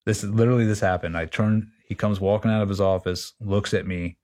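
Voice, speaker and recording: A man's voice: on the low side, steady tone, fast, a little mellow. A man in his forties, a retired Navy chief, telling a story in a casual interview, blunt and profane, acting out what others said. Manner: blunt, profane retelling with quoted dialogue.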